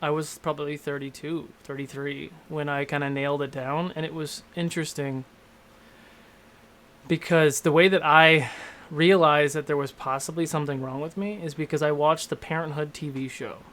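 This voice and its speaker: A man's voice: fairly high pitch, level tone, moderate pace, a bit bright, slight background noise. A man in his thirties, a game master and show host, talking candidly in a rambling, self-deprecating way in a casual panel discussion.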